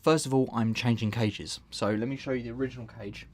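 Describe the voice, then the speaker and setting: The host of this casual live stream speaks briskly in a medium-pitched voice with a steady, darkish tone. He keeps rambling, breaking off his own sentences, and laughing often.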